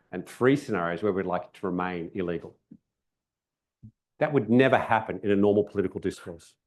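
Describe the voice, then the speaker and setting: An Australian man delivers a keynote talk at a public event, speaking in a somewhat low voice. His delivery is conversational but emphatic. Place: event venue.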